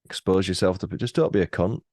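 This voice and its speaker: A man's voice: deep voice, quick pace, mellow, no echo, studio quality. A man in his thirties with a British accent, talking bluntly and teasing as a guest in a casual chat, swearing freely. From Britain. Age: 30s. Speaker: podcast guest.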